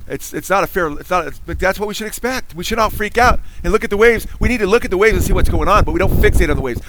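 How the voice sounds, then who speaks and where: A man's voice: fairly high pitch, fairly bright tone, low-quality recording. A pastor preaching a sermon. He reads scripture aloud, explains it and keeps asking the congregation for an amen. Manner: preaching with frequent call-outs for amen.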